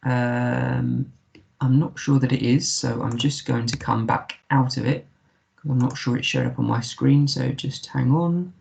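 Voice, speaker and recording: A man's voice: medium pitch, fairly even intonation, unhurried, gravelly, darkish tone. A man with an English accent, a primary school teacher giving a recorded remote lesson, patiently sounding out words letter by letter.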